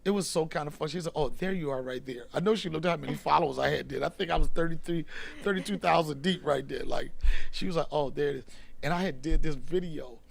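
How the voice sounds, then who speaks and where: A man with a slightly high, gravelly voice tells comic stories on his podcast. He is animated, going loud and then hushed as he acts out the scene, all in loose casual chat. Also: fast talker. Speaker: comedian host telling stories.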